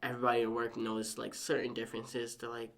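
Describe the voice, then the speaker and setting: A young man, a podcast guest, telling a personal story in casual chat, animated and acting out quotes with lots of "like". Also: mid-range voice, fast talker.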